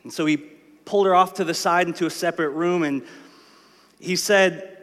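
A man's voice: high-pitched, fairly even intonation, normal speed, a bit bright. A man preaching a sermon in a church, telling a story in a conversational way and building to emphatic lists. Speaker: pastor. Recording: long reverb of a large hall.

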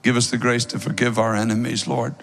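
A man's voice: mid-range voice, level tone, brisk, vocal fry, a bit bright, faint music behind. A man leading an earnest altar prayer at the close of a sermon, in a pleading preacher's cadence. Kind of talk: sermon prayer over music.

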